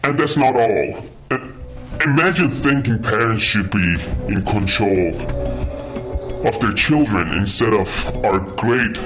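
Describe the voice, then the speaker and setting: A man voicing an anonymous insider with a disguised voice and an odd put-on accent, halting and emotional with stumbling restarts. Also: fairly low pitch, lively intonation. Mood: overwrought. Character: anonymous male insider with disguised voice, overwrought and weepy. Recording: loud music under the voice.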